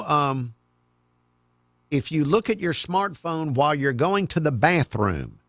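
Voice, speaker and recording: A man's voice: mid-range voice, gravelly, no echo. A man hosting a call-in radio talk show in a studio, chatty and folksy as he takes calls. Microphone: studio microphone.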